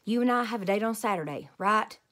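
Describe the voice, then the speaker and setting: A woman's voice: medium pitch, expressive, brisk, a bit bright, close to an everyday voice. A woman voicing a kindly old grandfather who asks playful questions in a read-aloud storybook. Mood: coaxing.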